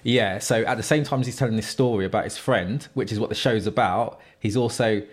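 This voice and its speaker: A man chatting casually as a podcast co-host, relaxed and quick to agree. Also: lowish voice. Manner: relaxed, frequent agreeing backchannels. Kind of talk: casual chat.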